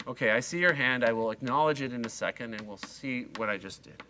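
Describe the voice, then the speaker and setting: A man's voice: mid-range voice, a little fast, pushed and bright, a little hiss or hum. A middle-aged man lecturing a university class, chatty and self-mocking, talking straight to his students. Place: lecture hall.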